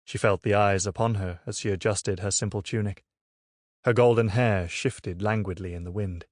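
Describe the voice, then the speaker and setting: A man with a fairly low voice reads an audiobook aloud, delivering the scripted narration in a steady, measured storytelling style. The recording is dry and clean, captured on a studio microphone.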